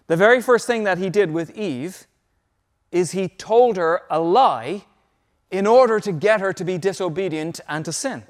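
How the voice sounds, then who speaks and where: A man's voice: high voice, animated, moderate pace. A man preaching a sermon as pastor, emphatic, repeating key phrases so listeners can take notes.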